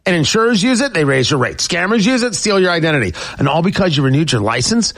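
Animated high-voiced male talk radio host. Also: quick pace, few pauses. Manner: emphatic, repetitive, animated. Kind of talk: political talk radio commentary; reading a sponsor ad.

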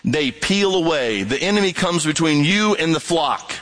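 A man preaching a sermon, reading scripture and acting out quoted voices and alarm sounds with lively energy. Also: on the high side, moderate pace, poor audio. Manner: animated, acts out quoted voices and sound effects.

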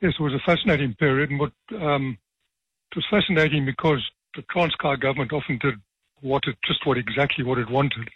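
A retired judge, telling stories with dry, self-deprecating humour in a radio interview. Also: male voice, medium pitch, brisk, breathy edge, no room sound, highs cut off. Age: 70s.

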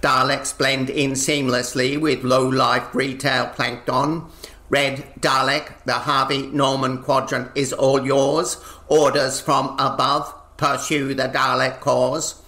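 A man performing comic spoken-word poetry in a rhythmic, deadpan delivery, recorded with a roomy echo. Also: mid-range voice, takes it slowly. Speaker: performance poet.

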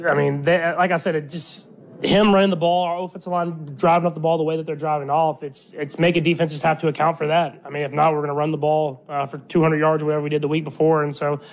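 Male athlete, postgame, quick and flat-toned, halting phrasing. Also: a little high, rough recording. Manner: halting, many restarts and fillers. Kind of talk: casual postgame remarks.

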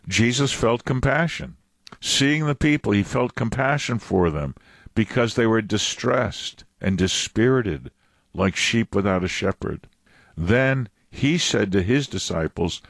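A male pastor preaches in a relaxed, rambling way, drifting into side stories and chuckling at himself. His voice sits fairly low. The sound is dry and close. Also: a little slow, no room sound. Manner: casual, digressive, chuckling asides. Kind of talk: conversational sermon.

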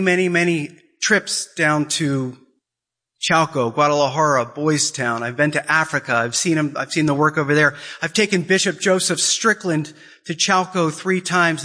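A man's voice: a little high, pushed and bright. A man giving an impassioned Catholic talk, emphatic and repeating his questions for effect. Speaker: Catholic speaker. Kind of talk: impassioned preaching.

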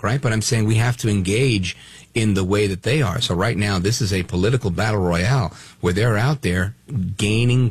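A man's voice: fairly low pitch, gravelly, slightly rough, no echo. A middle-aged man from Brooklyn hosting a talk radio call-in show, talking emphatically with many fillers. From Brooklyn, New York.

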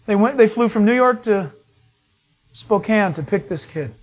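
A man preaching a sermon, telling stories with animated delivery and acting out the voices of people he met. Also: high-pitched, normal speed. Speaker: pastor.

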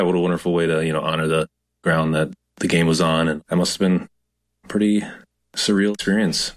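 A man with a very low voice hosts a radio program. He reads the opening announcement smoothly, then moves into relaxed follow-up talk with his guest. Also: brisk. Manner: smooth announcer delivery that turns into conversational follow-up. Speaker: radio show host. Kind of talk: scripted show announcement and interview chat.

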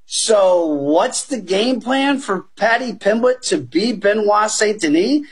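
Husky high-voiced man pitching bets. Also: slow. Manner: energetic, emphatic, keeps addressing the panel as guys. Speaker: sports betting analyst. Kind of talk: animated betting talk show chat.

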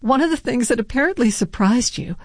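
Woman interviewer, measured. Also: a little high, lively intonation, dry recording, studio quality. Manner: measured, prepared questions. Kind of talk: broadcast interview questions.

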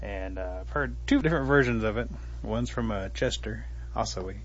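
A man telling a folk tale in a relaxed, conversational way, with frequent fillers. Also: on the low side, moderate pace, lo-fi sound, a little hiss or hum. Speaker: storyteller. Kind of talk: oral folk storytelling.

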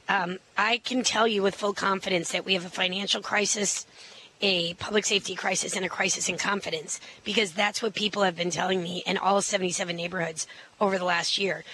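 Middle-aged woman candidate, bright tone, confident, quick, filler-heavy interview answers. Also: medium pitch, slight background noise, poor audio. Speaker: mayoral candidate.

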